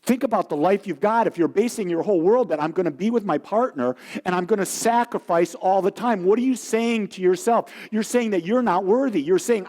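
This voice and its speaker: Guy preaching a sermon, tells stories and does the voices, warm and fairly high. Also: brisk, few pauses. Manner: animated storyteller acting out quoted voices. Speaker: minister. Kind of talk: sermon with storytelling.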